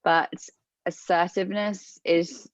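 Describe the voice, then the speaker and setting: A woman's voice: lowish voice, steady tone, takes it slowly, dry recording, highs cut off. A woman from England, a training participant asking a question in a hesitant, reflective way. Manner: hesitant, reflective, many fillers.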